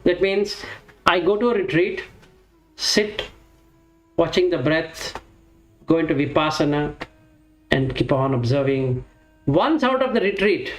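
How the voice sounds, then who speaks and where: A man giving a reflective teaching talk on Buddhist practice, explaining step by step and asking and answering his own questions. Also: high-pitched. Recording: roomy echo with faint music.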